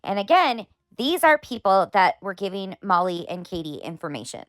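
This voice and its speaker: A woman's voice: mid-range voice, very animated, moderate pace, fairly bright tone, no room sound, clean studio sound. A woman hosting a commentary video, talking through clips with pointed, sarcastic questions. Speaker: commentary host. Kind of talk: drama commentary.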